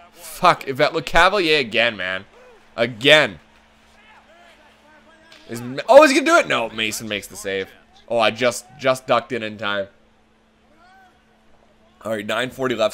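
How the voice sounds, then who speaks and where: A man's voice: medium pitch, lively intonation, normal speed, pauses often, pushed and bright. A man commenting on his own hockey video game play, calling the action like a broadcaster and swearing when it goes wrong. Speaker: gaming channel host.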